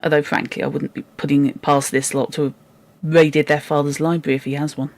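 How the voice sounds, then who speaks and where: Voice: mid-range voice, little pitch movement, a little fast, no echo. A book club host chatting about a classic novel, exasperated and joking, with frequent asides. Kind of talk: casual chat and reading aloud.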